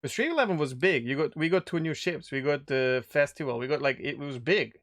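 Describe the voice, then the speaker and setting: A man's voice: on the high side, brisk, a bit bright. A man co-hosting a casual gaming podcast, rambling and enthusiastic, laughing often. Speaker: podcast co-host. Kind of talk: casual chat.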